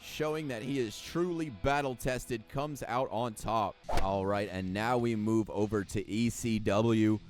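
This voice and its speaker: A man's voice: medium pitch, fairly even intonation, unhurried, few pauses, over music. A man giving play-by-play wrestling commentary over a video game, sarcastic and jokey and swearing freely. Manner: jokey, laughs at what he describes.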